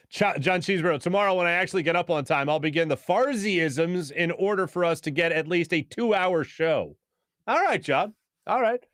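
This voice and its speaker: A sports talk host in his thirties, chatting with his viewers and laughing at their comments. His voice sits a bit high for a man. It is recorded dry and close, with no room echo. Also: lively intonation, moderate pace, a bit bright. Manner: chatty, jokey, laughs often. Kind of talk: casual live-stream chat reading viewer comments.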